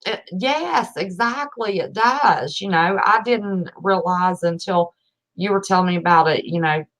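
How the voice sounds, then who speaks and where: A woman's voice: lowish voice, measured pace, a bit bright, poor audio. An older woman hosting a casual chat, folksy and chatty, laughing often. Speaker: host.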